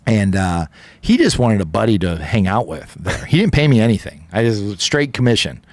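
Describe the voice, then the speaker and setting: A man's voice: fairly low pitch, expressive, moderate pace, no echo. A man guesting on a podcast interview, telling a long story in a casual, rambling way with the odd swear word. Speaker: podcast guest, business co-owner.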